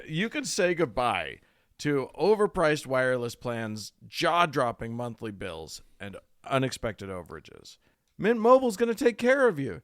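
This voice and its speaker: A man gives a loose, chatty sponsor read on a podcast, tossing in fillers and asides. His pitch sits a little high and swings widely, and the recording is dry and close. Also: sing-song, a little slow, fairly bright tone, no room sound. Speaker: podcast co-host. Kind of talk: casual ad read.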